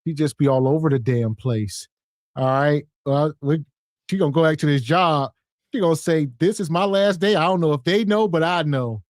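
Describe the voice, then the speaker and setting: Male podcast co-host, laid-back casual talker, slightly high, dry recording. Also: moderate pace, no room sound. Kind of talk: casual commentary.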